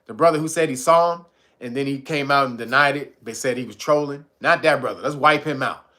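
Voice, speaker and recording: This man speaks at a medium pitch and a fairly quick clip. He's animated as he tells a story, cursing liberally and slipping into character voices whenever he quotes someone.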